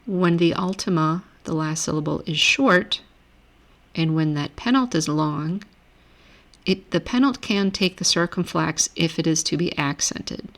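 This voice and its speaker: A woman with a notably low voice gives a recorded grammar lecture. She explains each rule patiently, pausing to correct herself now and then. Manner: relaxed, self-correcting explanations. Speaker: Greek grammar teacher. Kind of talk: recorded lecture over screen.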